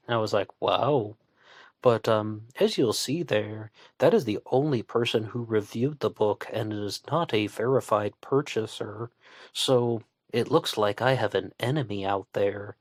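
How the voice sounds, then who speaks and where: A man's voice: fairly low pitch, measured pace, no echo. A man hosting an online radio show, talking through a casual monologue with sarcastic asides.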